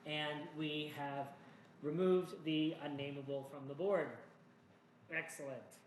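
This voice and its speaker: A man's voice: fairly high pitch, fairly even intonation, takes it slowly. A man talking through a solo board game playthrough, chatty and rambling, with jokey asides to himself. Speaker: board game player and host. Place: home room. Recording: echoey room with faint noise.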